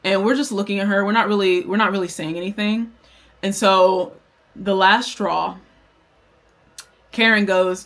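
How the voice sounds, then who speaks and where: A young adult woman telling a story to camera while doing her makeup, candid and profane, with animated storytelling. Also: medium pitch, normal speed. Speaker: vlogger.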